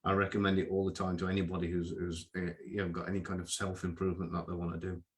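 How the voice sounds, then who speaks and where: A man hosting a casual live chat, speaking earnestly with some halting restarts. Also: low voice, level tone. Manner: earnest, a bit halting, repeats words when he starts. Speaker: host.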